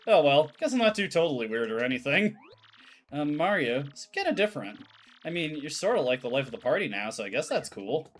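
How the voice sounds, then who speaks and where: A man's voice: a little high, very animated, a little fast, a little hiss or hum. A man voicing a chatty young female adventurer from a game, breezy and slangy. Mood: teasing.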